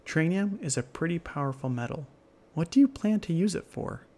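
A man's voice: a little high, animated, normal speed, a little mellow, pitched above the performer's own voice. A man voicing a cocky young runaway boy in a storybook tale, who talks in a breezy, slightly boastful way. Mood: curious.

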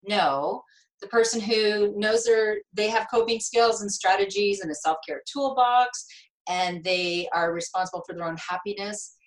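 Middle-aged woman, interview guest, emotional and lively storyteller, medium pitch. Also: measured pace, rough recording. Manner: animated, emotional storyteller with laughs and restarts. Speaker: guest, nurse and speaker.

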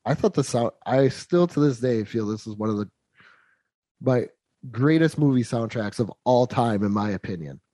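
A man's voice: mid-range voice, animated, normal speed, dark tone, no echo. A man in his thirties chatting casually and enthusiastically about a movie he loves. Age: 30s. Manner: enthusiastic, nostalgic fan talk. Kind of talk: casual chat.

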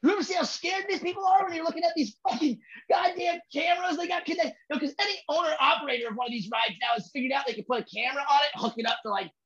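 Swearing, animated comedian shouting for emphasis. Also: male voice, very high-pitched, racing, lo-fi sound. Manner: profane, emphatic, rhythmic storytelling. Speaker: comedian guest. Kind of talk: casual podcast chat.

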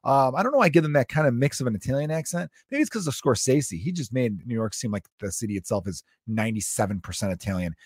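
A man's voice: mid-range voice, lively intonation, fast talker, hardly any pauses, slightly rough, no room sound, studio quality. A man in his thirties hosting a podcast, rambling and joking in a casual monologue, swearing freely. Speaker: podcast host.

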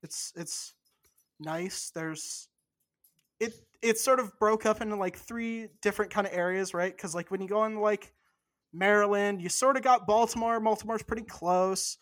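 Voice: mid-range voice, normal speed, a bit bright. A podcast co-host in casual chat, rambling and cursing freely.

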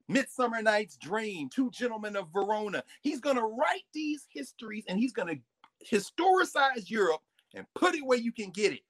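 A man, a professor, talking in an energetic storytelling way and acting out little asides and voices. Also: high voice, moderate pace, dry recording. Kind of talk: animated lecture-style talk.

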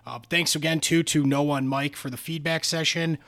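A man hosting a podcast, talking in a relaxed, conversational way. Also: fairly high pitch, moderate pace, slight background noise. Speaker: podcast host. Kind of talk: casual podcast interview.

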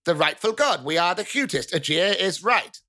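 A game master plays a mouse-folk queen in a tabletop game, chatty and quick to take offence. Her voice is bright and forceful and sits at an everyday middle pitch. She rambles along casually and turns indignant whenever her people's cuteness is questioned. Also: expressive.

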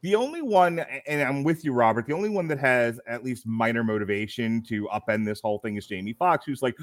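A man's voice: medium pitch, a little fast, hardly any pauses, no echo, studio quality. A man co-hosting a casual film review podcast, talking animatedly, often laughing and acting out quotes. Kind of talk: casual chat.

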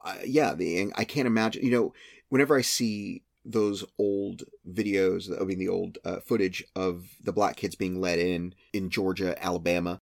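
A man from Texas with a somewhat low voice co-hosts a casual chat. He speaks earnestly and haltingly, restarting his sentences often. The sound is dry and close. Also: fairly even intonation, creaky, no echo. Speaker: podcast co-host.

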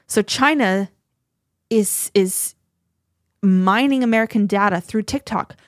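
A woman co-hosting a podcast, talking in an animated, chatty way with frequent restarts. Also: medium pitch, slow, no echo, studio quality. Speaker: podcast co-host. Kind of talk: casual conversation.

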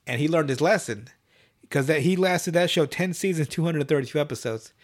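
Profane, laughing male podcast host. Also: a little high. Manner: profane, laughing, quick asides. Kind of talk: casual chat and episode recap.

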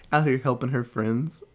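Guy casually recapping a movie, jokey and laid back, does quick little character voices. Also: medium pitch. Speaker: podcast host recapping a film. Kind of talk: casual chat.

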